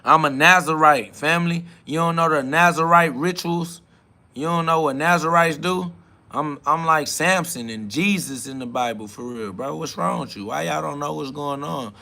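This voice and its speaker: With a gravelly voice and a moderate pace, a man hosting a podcast gives a freewheeling spiritual monologue in street slang. He quotes scripture and alternates between loud hype and low murmurs.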